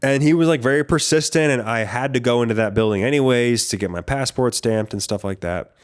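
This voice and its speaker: A man's voice: medium pitch, a little fast, clean tone. Profane rambling man. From United States. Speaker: podcast host. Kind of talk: casual storytelling monologue.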